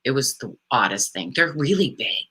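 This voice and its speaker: A woman co-hosting a casual live chat, talkative and rambling, quick to laugh. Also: very deep voice, very animated, background noise. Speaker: co-host of a camping channel live stream.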